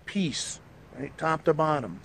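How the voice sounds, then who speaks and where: A man's voice: fairly high pitch, animated, takes it slowly, creaky, a little hiss or hum. A middle-aged man hosting his own show, delivering a blunt, profanity-laced monologue in a ranting manner. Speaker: show host. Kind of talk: opinionated monologue.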